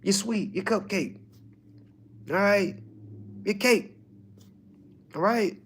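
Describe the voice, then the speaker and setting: A man with a slightly high voice teaching his students in a loose, motivational style. He is emphatic and preachy, checking in with "all right?" after nearly every point. He drops to a low mutter, then rises into loud, pushing exhortation. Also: takes it slowly, slight background noise. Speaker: online course teacher. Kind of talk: casual motivational lecture.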